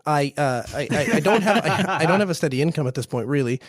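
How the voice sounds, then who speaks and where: Fast-talking man telling a rambling story. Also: a little high, animated, dry recording, clean studio sound. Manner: fast, rambling, many restarts and repeats. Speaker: IT business owner. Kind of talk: casual podcast storytelling.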